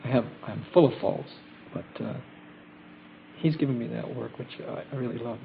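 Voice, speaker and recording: Man, mid-pitched and gravelly, casual testimony to a gathering, halting with fillers, muffled lo-fi tape with faint hiss. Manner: halting, many fillers and restarts, gentle and reflective. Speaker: group member sharing trip experiences.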